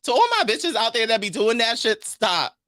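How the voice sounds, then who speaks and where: A man from Queens co-hosting a casual podcast, talking in an animated, profane way and reading news stories aloud. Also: very high voice, moderate pace, no room sound, studio quality. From Queens, New York. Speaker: podcast co-host. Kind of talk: casual chat.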